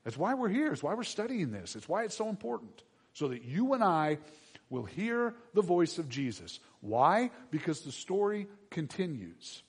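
Husky-voiced male preacher, emphatic bursts. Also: sits high, sing-song, normal speed. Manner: conversational, swings between quiet asides and loud emphatic bursts. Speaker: pastor. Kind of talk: sermon with scripture reading.

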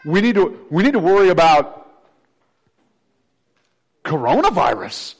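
Animated preacher, man. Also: a little slow, husky. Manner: swings from hushed low intensity to loud animated preaching. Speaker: pastor. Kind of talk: sermon.

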